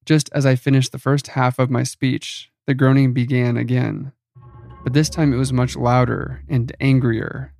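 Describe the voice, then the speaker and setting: A man giving a scripted horror story narration in an even, measured reading. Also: mid-range voice, creaky, no room sound, clean studio sound, faint music behind.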